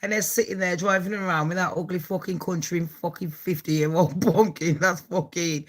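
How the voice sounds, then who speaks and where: A woman's voice: fairly low pitch, normal speed. An English woman with a Birmingham accent, hosting a gossip channel, talking in a brash, foul-mouthed way and laughing often. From England. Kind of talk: casual gossip vlog.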